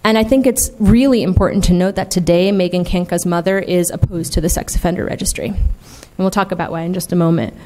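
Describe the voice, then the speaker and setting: A woman's voice: on the low side, quick pace, hardly any pauses, warm tone, a little hiss or hum. A woman speaking candidly and emphatically as a conference plenary speaker, peppering her talk with "like" and "right?". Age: adult, in the field twenty years. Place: conference hall.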